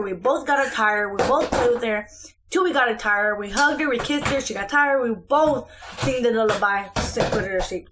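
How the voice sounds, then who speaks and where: A woman's voice: on the high side, background noise. A young woman, a mother, chatting casually through a home vlog update in her kitchen, rambling with lots of fillers and restarts.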